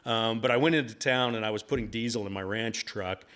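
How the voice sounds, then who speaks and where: A man's voice: on the low side, brisk, fairly bright tone. A middle-aged man telling a folksy, rambling story at a bookstore talk, with plenty of fillers along the way. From United States. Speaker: author giving a talk.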